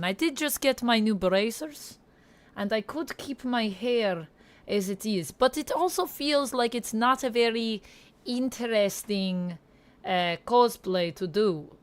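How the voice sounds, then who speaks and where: A woman livestreaming a game on a headset mic, chatting playfully with viewers in a put-on Russian accent. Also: a little high. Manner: playful, reads chat aloud, mock-serious. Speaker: gaming livestreamer. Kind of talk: casual livestream chat.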